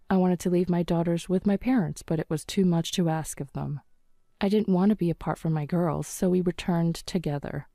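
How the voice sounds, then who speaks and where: A woman narrating a scripted first-person story in a calm, even manner. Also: fairly low pitch, dry recording, clean studio sound.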